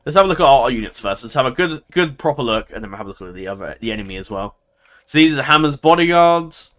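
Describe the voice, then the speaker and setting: A man's voice: mid-range voice, fairly bright tone. Chuckling man thinking aloud. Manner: chatty, laughs often, thinks aloud and second-guesses himself. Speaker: gameplay commentator. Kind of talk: casual game commentary.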